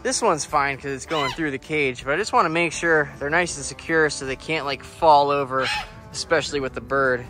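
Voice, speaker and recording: A man's voice: fairly high pitch, moderate pace, music in the background. A man chatting casually in an outdoor vlog while working around his animals, laid-back and swearing now and then. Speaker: vlogger and animal keeper.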